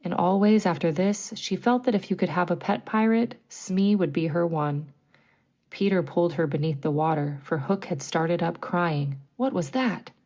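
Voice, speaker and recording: Woman, bedtime story narrator, low pitch, mellow, gentle, clear. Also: moderate pace. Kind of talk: calm bedtime story reading.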